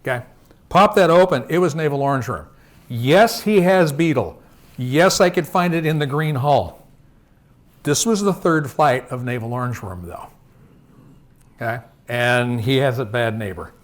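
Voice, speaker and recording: A man's voice: mid-range voice, a little slow. A man giving a live slide presentation to growers. He talks in a conversational way, tells stories from the field and keeps checking in with "okay?". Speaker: industry presenter.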